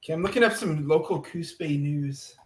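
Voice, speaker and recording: A man's voice: on the high side, brisk, roomy sound. A man co-hosting a casual livestream, reading local news items with amused asides. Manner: reads police blotter with amused asides. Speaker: livestream co-host.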